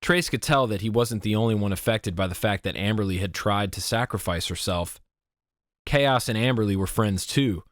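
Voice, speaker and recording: Low-voiced man narrating an audiobook. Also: normal speed, no echo, studio quality. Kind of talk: scripted narration.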